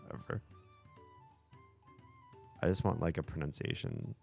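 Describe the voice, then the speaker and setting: A man with a very low voice chats casually on a livestream. He is animated, laughs often and swears when frustrated. Soft music plays faintly in the background. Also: slow pace, gravelly. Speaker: streamer.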